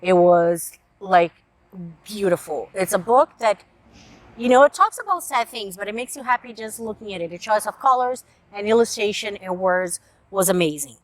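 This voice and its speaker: A woman's voice: mid-range voice, expressive, normal speed, no echo. Woman booktuber, heartfelt and earnest, mid-range voice, dry close sound. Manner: earnest, emotional, tearful at moments. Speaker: book reviewer. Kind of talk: casual book review vlog.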